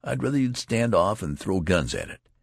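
A wounded young soldier, petulant and snappish, read by a man. His voice has a husky, gravelly grain, recorded close and dry, as in a storybook reading. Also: extremely low pitch, animated, measured pace, no echo, pitched below the performer's own voice, heavily acted. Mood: irritated. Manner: irritable, snappish.

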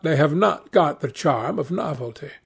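A man reading aloud, voicing a petulant, languid young gentleman in an airy, careless tone. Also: a little high, animated, normal speed, creaky, slightly rough, full character voice.

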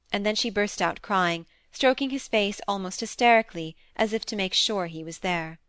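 A woman reading a classic novel aloud in a measured, expressive narration, recorded close to the mic. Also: medium pitch, clear, resonant tone, no room sound. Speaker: audiobook narrator. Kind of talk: scripted narration.

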